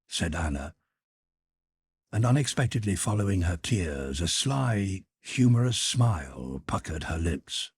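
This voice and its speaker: A man narrating a classic novel as an audiobook reader in a breathy, measured storytelling voice. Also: low voice, big pitch swings, no room sound. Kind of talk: scripted narration.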